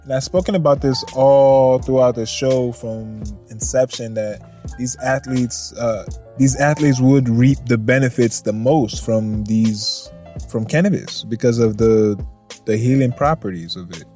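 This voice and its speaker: Brief: easygoing male podcast host, loose rambling delivery, curses freely, mid-pitched voice. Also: unhurried, mellow, soft background music. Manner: laid-back and swearing, laughs often, rambles off topic. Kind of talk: casual news chat.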